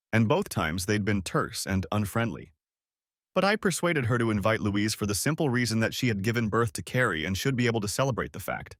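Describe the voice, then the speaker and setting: Man, audiobook storyteller, first-person narration, expressive ups and downs, dry close-miked sound. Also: medium pitch, dry recording.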